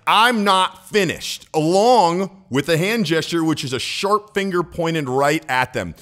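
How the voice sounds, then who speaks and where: A man's voice: a little high, lively intonation, a little slow. A man hosting a video channel, casually breaking down a clip in an analytical way and laughing now and then. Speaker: social skills coach and channel host.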